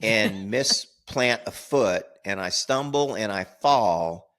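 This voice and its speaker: A man's voice: fairly low pitch, expressive, slow, fairly bright tone. An older man telling a rambling story as a podcast co-host, repeating words and laughing at his own tale. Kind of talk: casual storytelling.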